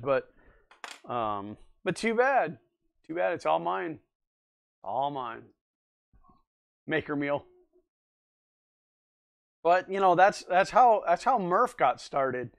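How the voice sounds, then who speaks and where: A man hosting a casual livestream, chatting in a rambling way and answering viewers' comments as he goes. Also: fairly high pitch. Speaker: livestream host.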